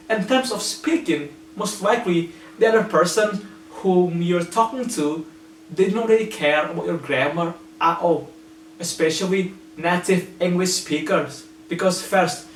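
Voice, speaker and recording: Guy w a fairly high voice explaining english tips, echoey room, mic kinda far, faint hum. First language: Indonesian. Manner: earnest, patient, gives examples. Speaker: English teacher. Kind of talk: explanatory lesson.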